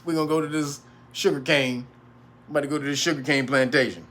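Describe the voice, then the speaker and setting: A man's voice: mid-range voice, steady tone, fast, fairly bright tone, a little hiss or hum, lightly acted. A man voicing a brusque male trader who orders captives around, curt and mocking.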